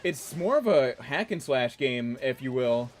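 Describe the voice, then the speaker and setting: There's slight background noise behind this unhurried, medium-pitched man with lively intonation. He's in his twenties, from the DC area, with a DC and New York blended accent. While reading chat on a relaxed gameplay livestream, he rambles, chats, and laughs a lot.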